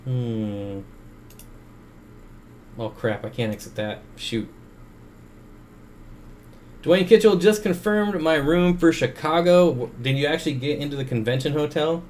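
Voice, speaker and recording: A man's voice: a little high, expressive, measured pace, long pauses, a little mellow, slight background noise. A man hosting a casual livestream Q&A from home, rambling with many fillers as he reads and answers chat at his computer through a desk microphone.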